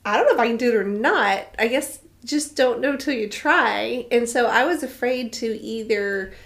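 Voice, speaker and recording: A woman's voice: fairly high pitch, moderate pace, a bit bright. A woman guest on a podcast, talking through a shared adventure in an earnest, reflective and enthusiastic way. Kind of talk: casual conversational storytelling.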